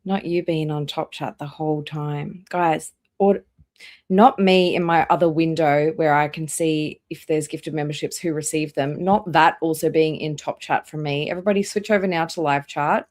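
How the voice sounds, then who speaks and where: A woman with a somewhat low voice chats casually on a live stream. She greets viewers by name one after another, drawing out her welcomes and letting her voice trail off quieter at the ends of lines. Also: steady tone, normal speed. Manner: chatty, reads out viewer names one by one. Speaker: live-stream reaction host.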